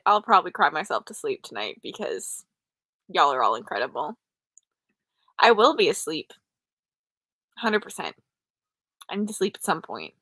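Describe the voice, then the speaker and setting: A woman's voice: fairly low pitch, fairly bright tone, no room sound. A young woman hosting a late-night livestream, chatting casually with viewers and poking fun at herself. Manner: chatty, self-deprecating, answers chat. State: tired, up late. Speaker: livestream host. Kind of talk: casual live chat.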